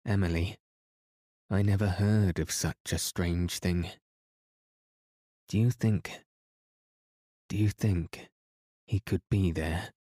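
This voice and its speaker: A man reading aloud, voicing a blunt, practical teenage girl with a brisk, offhand manner. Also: low-pitched, steady tone, warm tone, husky, no room sound, studio quality, exaggerated voice.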